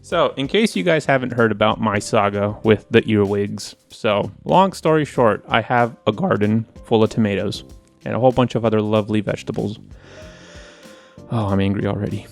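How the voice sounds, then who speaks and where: A man co-hosting a casual podcast, telling stories in an animated, profane way and acting out his own quotes. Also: on the low side, normal speed, gravelly, faint music behind. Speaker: podcast co-host, wine presenter. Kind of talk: casual chat.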